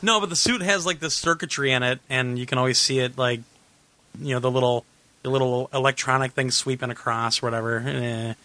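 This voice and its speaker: A man hosting a gaming podcast in casual chat, rambling and correcting himself, laughing often, a little hoarse. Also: mid-range voice, fairly quick, sharp tone, no echo. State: losing his voice. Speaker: podcast host.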